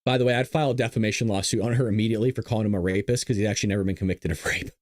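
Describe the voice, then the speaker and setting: A man's voice: on the low side, steady tone, very fast, darkish tone, dry recording, studio quality. A man hosting a live-streamed political commentary show, ranting sarcastically and answering viewer chat. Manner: sarcastic, ranting, mocks opponents.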